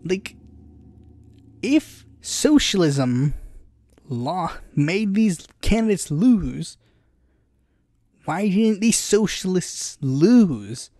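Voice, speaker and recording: A young man hosting a casual political commentary show, sarcastic and animated, talking with lots of fillers. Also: high-pitched, extremely slow, no room sound. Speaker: political podcast host.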